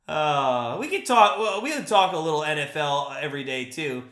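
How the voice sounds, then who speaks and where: Young male fan streamer, live play-by-play, high bright voice, echoey room, chatty and excitable. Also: unhurried. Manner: excitable, talks to chat, swings between hype and frustration.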